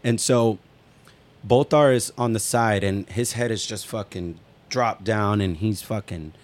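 A man with a fairly low voice and measured delivery co-hosts a relaxed talk show. His storytelling is profane and animated, with the quotes acted out.

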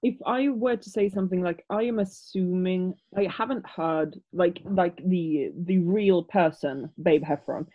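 A woman's voice: on the low side, measured pace, few pauses. A European woman speaking English as a second language, chatting casually as a podcast co-host, rambling with frequent restarts. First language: not English. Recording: slightly dull lo-fi audio.

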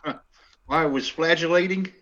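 A man's voice: fairly high pitch, fairly quick, fairly bright tone, muffled recording. A man co-hosting a casual comedy podcast, throwing in playful quips. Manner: quippy, playful interjections. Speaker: podcast co-host.

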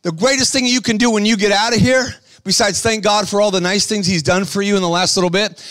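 A man with a high, bright voice preaches with fire, shouting and urging the crowd to answer him. He switches between rapid patter and slow, heavy emphasis. The sound is close and dry. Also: steady tone, dry recording. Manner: fiery, shouting calls for the crowd to respond; bursts of quick patter between slow, stressed lines. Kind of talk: sermon to a live audience.

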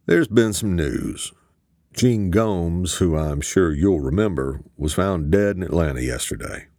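A man voicing a stern, guarded male colonel who speaks in a calm, measured way in an audiobook. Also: sits low, no room sound, studio quality, heavily acted.

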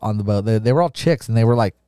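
A man's voice: animated, very fast, mellow, clean tone, no room sound, clean studio sound. Profane, laughing man telling stories. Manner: profane, laughing, acts out his own lines in a higher voice. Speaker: podcast co-host. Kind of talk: casual storytelling chat.

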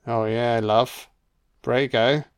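A rugged warrior king murmurs softly to a horse, coaxing and slightly lower than usual, as a man puts it on. The delivery is slow and smooth. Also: steady tone, no echo, clean studio sound, lightly acted. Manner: soft, coaxing. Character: rugged king soothing a horse, low and gentle.

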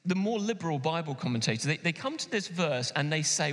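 Guy preaching in a church hall, lively and emphatic, bright voice, big echo. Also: fairly high pitch. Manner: animated, emphatic preaching with sudden pauses and slowdowns. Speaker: pastor. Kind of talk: sermon. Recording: long hall reverb.

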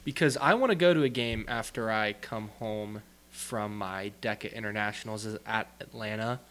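A man's voice: lowish voice, normal speed, fairly bright tone, a little hiss or hum. Young man chatting on a podcast. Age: young adult. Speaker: podcast co-host. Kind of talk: casual chat.

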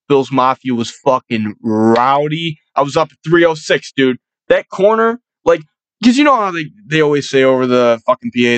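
A man's voice: mid-range voice, no room sound. A young man hosting a casual sports chat, rambling and swearing freely. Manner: profane, rowdy, rambling. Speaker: sports podcast host.

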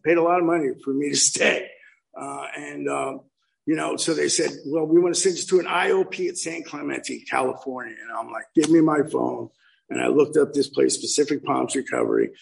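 A man's voice: medium pitch, fairly quick, creaky, low-quality recording. A man in his fifties telling his recovery story at a meeting, acting out the quotes with lots of animation. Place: meeting room.

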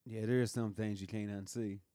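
A man's voice: fairly low pitch, flat delivery, a little fast, mellow, no room sound, studio quality. A man chatting casually with friends, joking crudely and laughing often. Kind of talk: casual chat.

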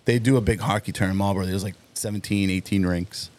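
A man's voice: low-pitched, fast talker. A man in his forties, a firefighter and army veteran, telling a story on a podcast and acting out the dialogue as he goes. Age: 40s. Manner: animated storyteller who acts out quoted dialogue. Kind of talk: casual podcast chat, storytelling.

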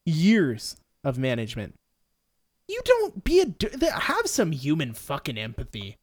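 A woman's voice: sits low, huge pitch swings, a little slow. A woman co-hosting a podcast in casual chat, blunt and swearing freely. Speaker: podcast co-host.

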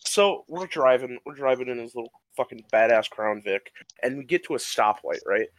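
A man's voice: mid-range voice, moderate pace, no echo, poor audio. A young man co-hosting a casual podcast, telling a rowdy story full of swearing and acted-out quotes. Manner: animated, profane storyteller acting out quotes. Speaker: podcast co-host.

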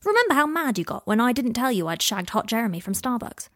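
A woman's voice: a little high, very animated, fast talker, fairly bright tone, no echo, clean studio sound. A woman voicing a blunt, foul-mouthed young woman friend in a storybook reading. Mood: brash.

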